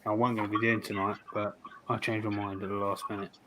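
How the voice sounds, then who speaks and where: A man on a casual livestream call, brief and low-key. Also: little pitch movement, fast, pushed and bright. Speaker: panel guest.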